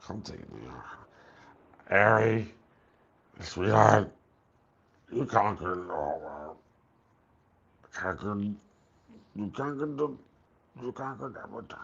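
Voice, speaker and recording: A man putting on a high-pitched, cursing voice of an abrasive older man. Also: creaky, fairly bright tone, muffled recording, full character voice.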